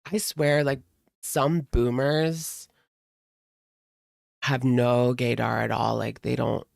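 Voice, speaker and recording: Chatty male streamer, heavy vocal fry, dry close sound, casual, filler-heavy. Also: medium pitch, level tone, slow, no room sound. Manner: chatty, frequent "like" fillers, laughs often. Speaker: livestream commentary host. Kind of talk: casual chat reading viewer comments.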